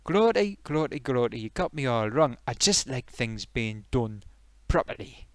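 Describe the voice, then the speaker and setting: A man's voice: medium pitch, sing-song, unhurried, no room sound, studio quality. A man voicing a bristling Geordie potato. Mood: needling. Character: cocky male potato from Newcastle, touchy and proud. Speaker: co-presenter. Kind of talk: comedic puppet live stream.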